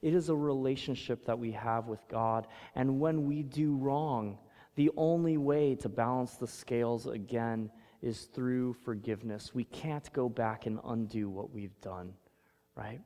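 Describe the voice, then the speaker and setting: Storytelling pastor in a reverberant hall. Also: male voice, medium pitch, unhurried. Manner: storytelling, swings from loud emphasis to hushed. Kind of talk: sermon.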